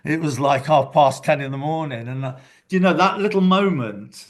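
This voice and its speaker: A man's voice: on the high side, normal speed. Older man telling reflective anecdotes. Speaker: guest. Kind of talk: casual interview chat.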